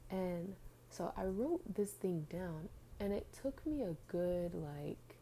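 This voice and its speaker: A young woman hosts her faith podcast with a deep-set, very mellow voice that sounds groggy from just getting up. She rambles casually, full of fillers and restarts, over a faint hum of room ambience. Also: lively intonation, slow, poor audio. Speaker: podcast host.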